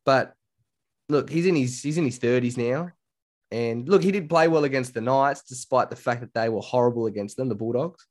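An Australian man co-hosting a casual podcast chat, telling stories in a chatty, animated way. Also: mid-range voice, moderate pace. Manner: chatty, animated storytelling with quoted voices. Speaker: podcast co-host.

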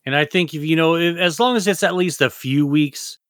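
A man with a slightly high voice rambles through podcast talk, joking and cursing freely. The sound is close and dry, with no room echo. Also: brisk, fairly bright tone. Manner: rambling, profane, loose and jokey. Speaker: podcast co-host. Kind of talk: casual podcast chat.

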